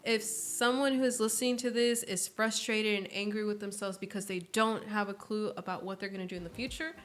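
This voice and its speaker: Expressive young woman podcast guest. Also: medium pitch, fairly quick. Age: early 20s. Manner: expressive storyteller, acts out quoted voices. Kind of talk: casual interview chat.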